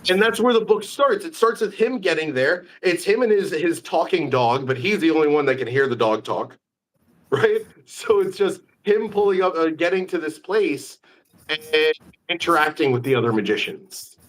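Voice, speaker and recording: A man hosting a casual live-stream interview, an animated storyteller full of quick asides. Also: a little high. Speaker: magician, host.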